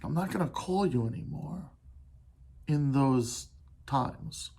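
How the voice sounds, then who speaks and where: A man hosting a solo podcast, talking in an earnest, halting way with restarts and pauses, swearing casually as he opens up. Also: fairly high pitch, lively intonation, gravelly, a little mellow, slightly rough. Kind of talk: candid solo podcast monologue.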